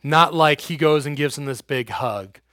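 A man preaching an informal youth sermon in casual slang, swinging between loud and hushed. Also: on the high side, normal speed, dry recording, clean studio sound.

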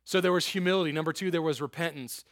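A man's voice: on the high side, quick pace, dry recording, clean studio sound. A young man preaching casually to a youth group, acting out quotes and laughing as he goes. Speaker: youth pastor.

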